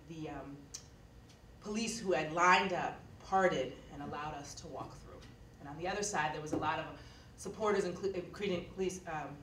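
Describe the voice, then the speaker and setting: A woman's voice: low voice, fairly bright tone, recorded from a distance, a little hiss or hum. A woman giving a keynote address, telling a story in an earnest, conversational way with frequent fillers. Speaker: keynote speaker. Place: lecture hall. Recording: echoey hall recorded from afar.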